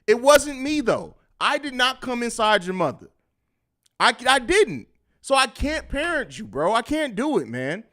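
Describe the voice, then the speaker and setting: A man's voice: high-pitched, bright, forceful tone. A man hosting a live post-game sports podcast, reading chat comments and answering them in a combative, mocking, trash-talking way. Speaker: podcast host.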